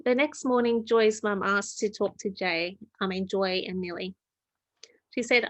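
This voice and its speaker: 여자의 소박한 동화 낭독. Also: female voice, mid-range voice, fairly even intonation, no echo. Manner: plain, unhurried narration with slips and self-corrections. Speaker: storyteller. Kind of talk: reading her own story aloud.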